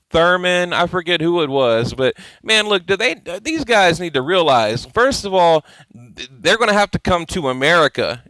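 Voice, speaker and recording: A man's voice: fairly high pitch, sharp tone, clean tone, no room sound, low-quality recording. A man hosting a boxing video blog, talking in a rambling, emphatic, profane, fired-up way. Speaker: boxing vlog host. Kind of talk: casual chat.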